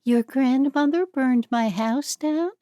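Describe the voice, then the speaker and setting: A woman voicing an elderly Amish sleuth, high and pressing. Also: slow, mellow, dry recording, clean studio sound. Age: older.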